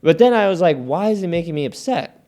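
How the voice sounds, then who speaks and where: A man's voice: sits high, expressive, fast talker, dark tone. A man co-hosting a casual podcast chat, talking candidly and profanely in a rambling storytelling way.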